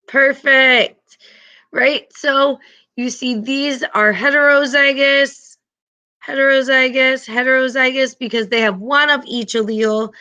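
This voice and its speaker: Slow, bright-voiced woman teacher. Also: high voice, fairly even intonation, muffled recording. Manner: patient, checks in with the class often. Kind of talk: classroom teaching. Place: classroom.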